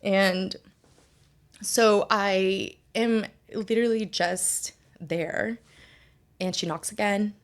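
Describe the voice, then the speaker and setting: A woman's voice: mid-range voice, fairly even intonation, drawn-out words. A young adult woman telling a personal story as a podcast guest, candid and conversational, with many "like" fillers. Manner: candid, heavy use of "like" fillers.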